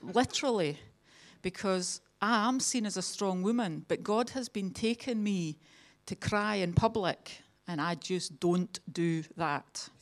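A Scottish woman sharing her testimony with a church gathering. She talks in a chatty, humorous way, often poking fun at herself. Her voice sits at an ordinary middle pitch. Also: unhurried. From Scotland. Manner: humorous, chatty, self-mocking. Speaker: church member giving testimony. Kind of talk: personal testimony at a church meeting.

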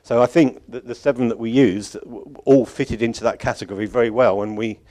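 A man's voice: mid-range voice, fairly even intonation, a little fast, mellow. A man giving an informal, rambling closing address at a church conference. He chuckles often and keeps correcting himself. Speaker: conference organiser addressing congregation.

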